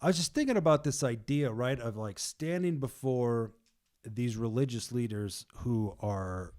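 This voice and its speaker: A man's voice: medium pitch, a little slow, darkish tone. Laid-back man retelling a story. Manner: chatty retelling with laughs and slang. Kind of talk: casual group discussion.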